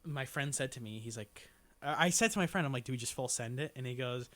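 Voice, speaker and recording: A man's voice: medium pitch, fast talker, fairly bright tone. A young man, a podcast guest, telling a story in casual chat, rambling and full of "like" and swearing. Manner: rambling, lots of "like", swears freely.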